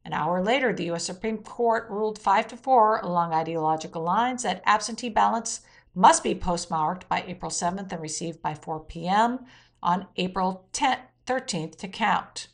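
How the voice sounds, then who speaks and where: A woman's voice: mid-range voice, moderate pace. Woman reading a weekly news roundup. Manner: reads quotes aloud, adds blunt opinion asides. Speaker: news commentary host.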